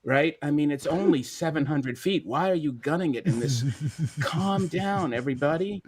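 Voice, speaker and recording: A man, a sports journalist guest telling stories in lively mock rants. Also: fairly high pitch, moderate pace, breathy edge. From Boston area. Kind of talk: casual sports chat.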